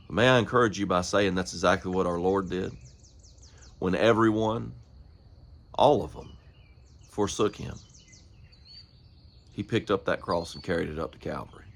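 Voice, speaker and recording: Deep-voiced man preaching a personal story. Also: moderate pace, creaky, pauses often. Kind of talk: storytelling sermon.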